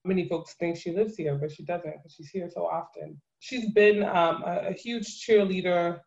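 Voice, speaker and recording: A woman in her thirties from New Jersey, a guest in an interview, telling her story in a lively way with laughs and acted-out quotes. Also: lowish voice, moderate pace, vocal fry. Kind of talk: conversational interview. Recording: muffled lo-fi audio.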